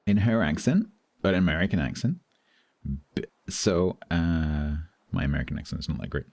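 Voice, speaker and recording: A man's voice: deep voice, lively intonation, brisk, darkish tone, no echo. A middle-aged British man with a British English accent chatting casually on a live stream, amused and talkative, thanking viewers between stories. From Britain.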